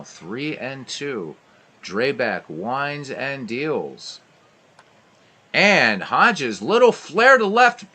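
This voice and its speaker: Man, baseball play-by-play, slow steady calling, bright voice, faint hiss behind. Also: on the low side. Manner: lively play-by-play, rising on big plays, dry asides. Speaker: play-by-play broadcaster of a simulated baseball game.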